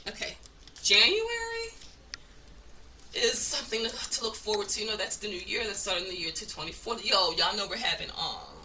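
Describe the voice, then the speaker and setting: A woman's voice: mid-range voice, quick pace, hardly any pauses, sharp tone, far from the mic, a little hiss or hum. A woman giving a casual oracle card reading, blunt and profane, with frequent laughs. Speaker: spiritual card reader.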